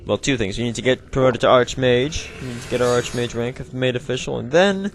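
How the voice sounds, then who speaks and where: A man's voice: mid-range voice, fairly quick, hardly any pauses, a little hiss or hum. Chatty man rambling over gameplay. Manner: chatty, rambling, self-mocking, laughs often. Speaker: let's play host. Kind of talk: casual gameplay commentary.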